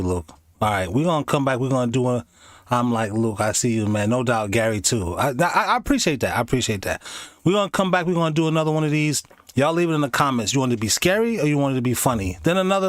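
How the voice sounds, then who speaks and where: A man's voice: mid-range voice, no room sound. Man, reaction host, loose rambling delivery, dry close mic. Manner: rambling and candid, laughs often, breaks into mock voices. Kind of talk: casual reaction commentary.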